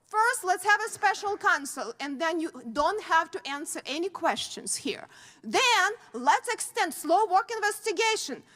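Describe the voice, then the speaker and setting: High-voiced woman with a Russian accent. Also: animated, fairly bright tone. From former Soviet Union. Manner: blunt, accusatory, halting phrasing. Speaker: lawmaker questioning an official. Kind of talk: hearing testimony.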